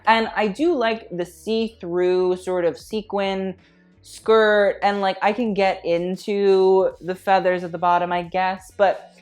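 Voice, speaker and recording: A woman's voice: medium pitch, fairly even intonation, slow, a little mellow. A woman giving casual fashion commentary, blunt and opinionated with a slangy way of talking, with faint music behind. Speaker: fashion critic vlogger.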